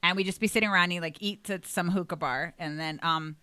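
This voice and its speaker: A woman's voice: on the low side, fast, pushed and bright, smooth, no echo. A woman comedian chatting as a podcast guest, telling stories with lots of fillers and laughter. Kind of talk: casual podcast storytelling.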